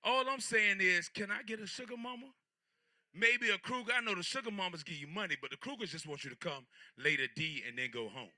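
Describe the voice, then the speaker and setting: Here the Portsmouth, Virginia comic in his thirties sounds high-pitched, a little fast, pushed and bright as he rambles through crude stand-up stories. The sound is clean studio audio with no room echo.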